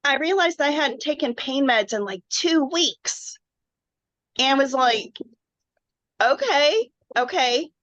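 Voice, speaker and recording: Woman, emotional testimonial, unhurried, dull lo-fi video call sound. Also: high voice, lively intonation, a bit bright, dry recording. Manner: earnest, emotional, rambling with frequent "like". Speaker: webinar guest sharing a health story. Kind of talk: candid personal testimonial. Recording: dull, muffled online call audio.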